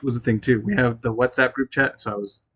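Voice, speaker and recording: A young man talks in a loose, rambling way, drifting from thought to thought and laughing easily. His pitch sits at an ordinary middle level. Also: steady tone, brisk, a bit bright, slight background noise. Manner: chatty, rambling, laughs often. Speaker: podcast co-host. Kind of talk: casual chat.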